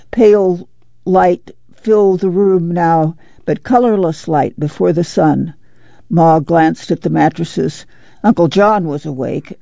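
Gravelly narrator, mellow tone, dry and muffled. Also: mid-range voice, no room sound. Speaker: audiobook reader. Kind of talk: scripted narration.

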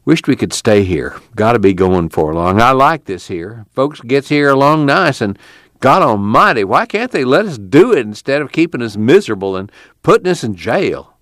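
A man's voice: medium pitch, big pitch swings, moderate pace, fairly bright tone, dry recording, studio quality, voice pushed up. A man voicing a stern, worried male camp committee leader who speaks with a drawl and an earnest, anxious way of talking.

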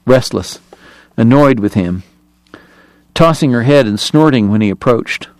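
A man reading an audiobook in a measured, even storytelling manner. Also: mid-range voice, smooth, no room sound. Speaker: narrator. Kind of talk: audiobook narration.

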